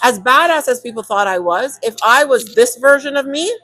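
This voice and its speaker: A woman co-hosting a podcast, talking emphatically and acting out quick inner monologues. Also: sits high, lively intonation, bright, forceful tone, no echo, rough recording. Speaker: co-host. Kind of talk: animated podcast conversation.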